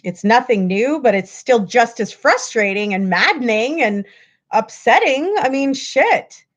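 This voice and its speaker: A woman's voice: fairly high pitch, expressive, measured pace, dull audio. A woman hosting a livestream, ranting at her viewers in a frustrated, profane way. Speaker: livestream host.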